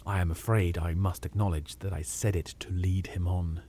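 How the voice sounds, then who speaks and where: A man narrating a classic ghost story as an audiobook, in a measured, quiet and grave way. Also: low voice, fairly even intonation, slight background noise.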